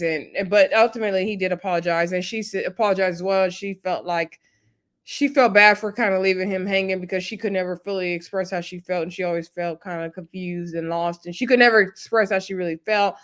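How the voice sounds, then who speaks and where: A woman's voice: mid-range voice, fairly quick, a bit bright. A woman giving a casual, chatty recap of a reality show episode and acting out what people said. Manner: chatty storytelling, acts out quoted lines.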